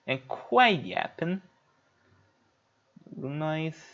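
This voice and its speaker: A man's voice: a little high, expressive, very slow, a bit bright, highs cut off. A man streaming a video game, chatting casually, rambling and swearing loosely while he plays. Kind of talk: casual livestream gameplay chat.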